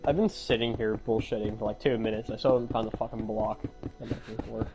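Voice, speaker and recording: A man's voice: fairly low pitch, fairly even intonation, quick pace, muffled recording. Young male streamer, crude joking banter, constant swearing, music in the background. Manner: profane, joking, loud swings. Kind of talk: casual gaming chat.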